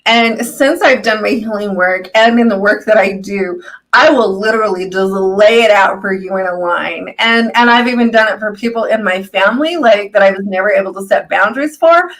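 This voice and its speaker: A woman's voice: mid-range voice, moderate pace, rough recording. Chatty woman healer telling stories. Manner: warm storytelling, laughs often, acts out quoted people. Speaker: healer, co-host. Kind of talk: casual live-stream chat.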